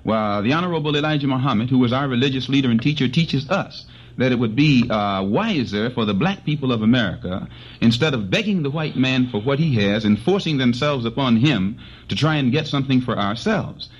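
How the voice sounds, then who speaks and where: A man defends his position as a guest in a televised debate. He pauses often and leans on filler sounds, though his points are earnest. His voice sits at an ordinary pitch, and the archival recording sounds muffled and lo-fi. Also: lively intonation. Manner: halting, many "uh" fillers, earnest. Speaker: panel guest. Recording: dull lo-fi archival broadcast.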